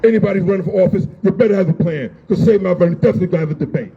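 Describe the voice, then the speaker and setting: A man's voice: sits high, rapid-fire, husky. A man giving an emotional, blunt speech at an outdoor street rally, repeating his points and raising his voice. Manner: emotional, yelling, blunt and repetitive. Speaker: rally speaker. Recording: dull lo-fi sound with faint noise.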